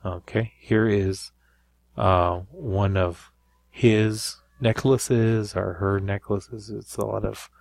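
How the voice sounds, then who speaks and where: Low, dry-voiced man teaching grammar. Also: fairly even intonation, takes it slowly, creaky, darkish tone, no echo. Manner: explanatory, repeats with frequent "right?". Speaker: Spanish teacher. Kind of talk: recorded grammar lesson.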